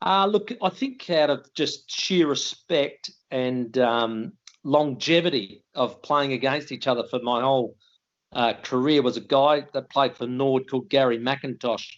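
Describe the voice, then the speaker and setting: A man's voice: medium pitch, unhurried, highs cut off. An older Australian man, a retired footballer, telling colloquial stories in a casual interview and laughing at his own tales.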